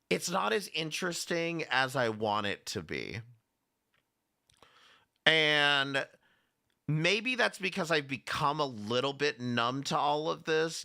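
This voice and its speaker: A man with a slightly high, gravelly voice that sounds pushed and bright hosts a live commentary stream. He talks casually and sarcastically, greets chatters by name, and rambles, restarting sentences and swearing.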